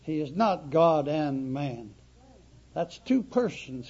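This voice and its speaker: A man preaching a sermon, emphatic and deliberate, stressing words through repetition. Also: on the high side, animated, darkish tone, husky. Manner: emphatic, slow, dramatic repetition. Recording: dull lo-fi recording.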